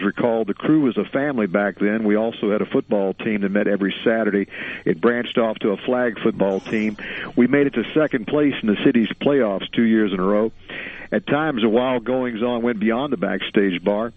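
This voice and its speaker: A man calling in to a radio show, reading entertainment trivia aloud in a steady voice. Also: on the low side, brisk. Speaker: phone-in caller and trivia contributor. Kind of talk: reading trivia over the phone. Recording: dry tinny phone line.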